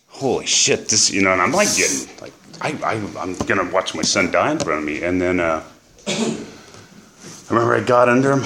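A middle-aged man in recovery, telling an emotional personal story in a halting way with many fillers. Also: low-pitched, fairly bright tone, a little hiss or hum. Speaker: recovery speaker. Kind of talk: personal testimony.

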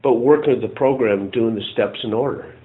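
A middle-aged man telling his recovery story in a rambling, halting way, full of restarts. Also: medium pitch. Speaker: recovery meeting speaker. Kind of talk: personal testimony. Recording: tinny phone-like audio.

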